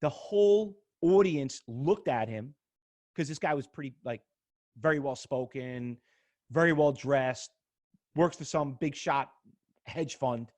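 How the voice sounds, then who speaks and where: A middle-aged man giving an excitable, emphatic live seminar on stock trading, often repeating words as he acts out arguments. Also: mid-range voice, measured pace. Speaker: trading instructor presenting at an expo. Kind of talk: animated live seminar talk to an audience.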